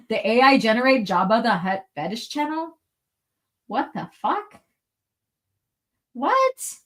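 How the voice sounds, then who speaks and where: A young woman with a somewhat high voice chats on her live stream from home. She rambles loosely, giggles often and swears freely while reading out viewer comments. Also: a bit bright. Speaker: livestream host reading chat. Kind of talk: casual live-stream chat. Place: at home, indoors.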